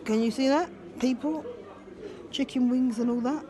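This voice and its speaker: A woman's voice: high voice, a crowd in the background. Heartfelt woman in her fifties. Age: 50s. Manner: heartfelt, halting, many fillers. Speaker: video diarist. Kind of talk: personal video diary. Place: ski resort and restaurant abroad.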